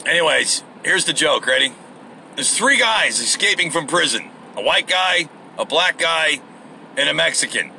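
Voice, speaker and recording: A man's voice: on the high side, animated, moderate pace, gravelly, sharp tone, a little hiss or hum. A man hosting a rambling solo podcast from his car on the way to work, profane and self-deprecating. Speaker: podcast host.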